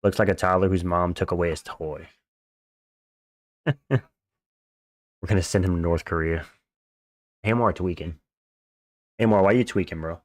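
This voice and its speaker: A man's voice: low voice, measured pace, long pauses, no room sound, clean studio sound. A man hosting a livestream, chatting casually in slang while reacting to fights and thanking viewers for donations. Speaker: livestream host. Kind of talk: casual live fight-watch commentary.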